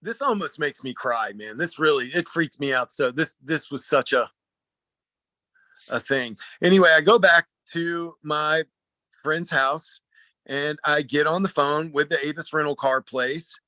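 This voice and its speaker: A man telling a personal story at a talk, animated and rambling, often restarting his sentences. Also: a little high, measured pace, dry recording. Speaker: speaker at a talk.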